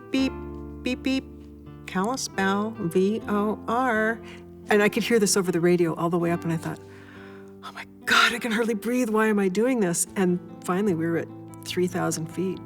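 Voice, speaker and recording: An older woman with a fairly low voice tells her story in a documentary interview. She brings each moment to life as she goes, and soft music plays underneath. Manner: vivid storytelling, acts out moments.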